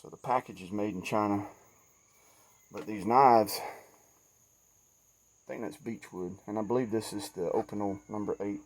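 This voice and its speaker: A man's voice: fairly low pitch, fairly even intonation, measured pace, pauses often. A middle-aged man with a Southern US accent talking casually and folksily outdoors by a wooded trail, sweaty and a bit shaky after yard work. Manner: folksy, chatty, self-deprecating. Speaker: outdoors vlogger. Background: insects and crickets.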